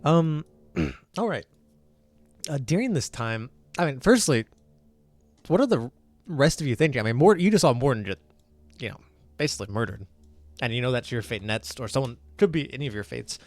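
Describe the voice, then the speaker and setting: A man's voice: mid-range voice, normal speed, long pauses, dry recording, soft background music. Easygoing man running a tabletop game. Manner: relaxed, with frequent fillers. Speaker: game master.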